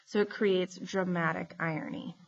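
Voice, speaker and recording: Woman teacher going through vocab for class, steady clear explaining, kinda muffled lo-fi mic. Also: fairly low pitch, moderate pace. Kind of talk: recorded classroom lesson.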